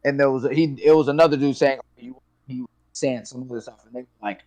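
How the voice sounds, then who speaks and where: A man friend in casual chat on a stream, slangy and quick with interjections. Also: medium pitch, steady tone, a little mellow, no room sound.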